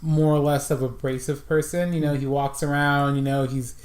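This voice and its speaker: A man's voice: on the high side, flat delivery, normal speed, a little mellow. A young man co-hosting a casual movie podcast, rambling and playful, often slipping into silly voices. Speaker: podcast co-host. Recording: echoey room.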